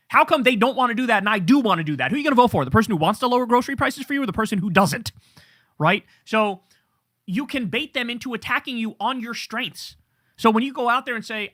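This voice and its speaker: A middle-aged man delivers a heated political monologue, his pitch leaping all over the place as he swears and mimics his opponents. The voice is bright and forceful. The sound is dry and close, with no room around it. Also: fast talker, no echo. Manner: profane, animated, mocking impressions of opponents. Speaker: political commentary host. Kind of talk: ranting political commentary.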